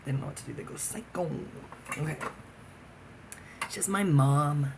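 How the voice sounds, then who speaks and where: Gravelly man ranting in a profane monologue. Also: a little high, moderate pace, noisy background. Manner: profane, jumping from topic to topic. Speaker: vlogger. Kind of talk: rambling solo monologue.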